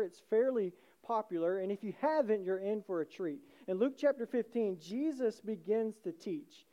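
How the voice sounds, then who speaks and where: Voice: mid-range voice, warm tone, muffled recording. A pastor giving a sermon in a conversational way, asking rhetorical questions and often adding "right?".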